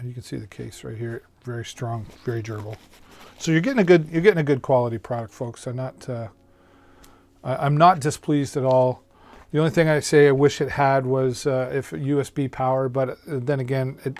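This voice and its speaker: A man's voice: mid-range voice, a little mellow. Chatty man hosting a live-stream. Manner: chatty, folksy, many fillers and restarts. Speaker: live-stream host reviewing deals. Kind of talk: casual live-stream product pitch. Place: home streaming setup. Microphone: studio microphone on a mixer.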